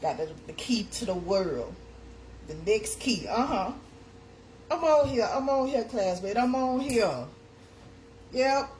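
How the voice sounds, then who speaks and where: A woman's voice: fairly high pitch, lively intonation, slow pace, long pauses, darkish tone, a little hiss or hum. A woman hosting a casual live chat, talking in a sing-song way and reading comments aloud. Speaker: livestream host.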